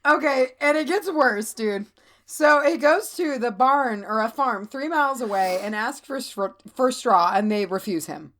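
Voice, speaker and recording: A woman co-hosting a podcast, telling a history story in animated casual chat, swearing and laughing often. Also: a little high, a little slow. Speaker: podcast co-host.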